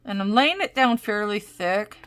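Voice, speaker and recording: With an expressive, unhurried mid-range voice that's a bit bright and clean, a woman runs a casual art supplies demo at home. She chats and rambles over the crayons she's trying, often cutting herself off.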